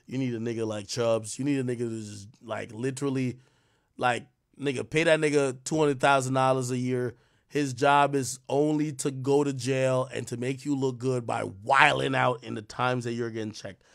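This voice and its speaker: A man's voice: mid-range voice, steady tone, normal speed, vocal fry. A man hosting a live stream, giving casual, rambling commentary full of profanity and trash talk. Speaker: livestream host.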